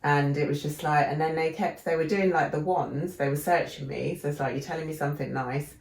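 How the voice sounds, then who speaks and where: A woman's voice: low-pitched, brisk, creaky, roomy sound. A woman co-hosting a podcast, telling stories in casual chat and acting out the voices of people she quotes. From England. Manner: animated storyteller, acts out quoted voices. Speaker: podcast co-host.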